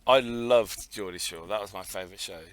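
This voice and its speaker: A man's voice: fairly low pitch, a little fast, crowd noise. A man co-hosting a podcast in blunt, sweary, teasing casual banter. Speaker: podcast co-host.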